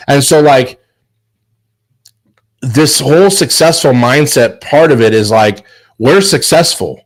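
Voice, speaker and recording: Hosting a chef business show, this man speaks a little fast in a medium-pitched voice, giving an emphatic motivational talk on a video call. He's preachy and repeats words. The recording is low quality.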